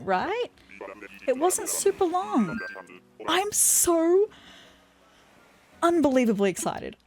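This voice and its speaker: An Australian woman hosting a let's-play video, commenting in a gushing, excitable way. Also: a little high. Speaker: gaming channel host.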